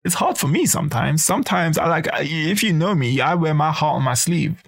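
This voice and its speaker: A man with a gravelly, creaky voice sits a little higher than most men. He talks in a loose, casual rant, swears freely, and acts out what other people might say. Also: brisk. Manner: ranting, swearing, animated, acts out quoted voices. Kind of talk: casual monologue to camera.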